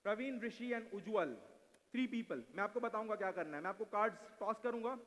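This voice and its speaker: Here the mentalist sounds high-pitched, animated and fairly bright as he rushes through his card act. Switching between Hindi and English, he teases and cajoles volunteers from the audience. His handheld mic picks up the big event hall's lengthy reverberation in this live recording.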